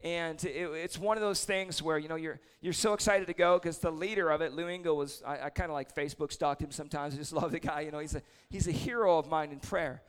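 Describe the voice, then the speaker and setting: A man's voice: fairly high pitch, fairly even intonation, fast talker, hardly any pauses, clear, resonant tone. A man in his forties preaching a sermon to a church congregation, telling chatty, self-deprecating stories with humor. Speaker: prayer leader preaching. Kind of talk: storytelling sermon. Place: church service before a congregation.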